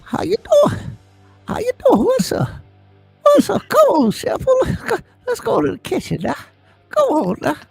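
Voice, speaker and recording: A man putting on a high, cooing old-lady voice to talk sweetly to his dog. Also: wildly swooping pitch, normal speed, vocal fry, no room sound, faint music behind, exaggerated voice. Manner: cooing, sing-song.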